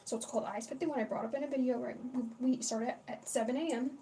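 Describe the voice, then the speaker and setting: Speaking quickly in a mellow voice on the high side, a young woman chats her way through a casual livestream. She rambles, swears without restraint, and greets viewers, heard through a distant mic with faint noise behind her.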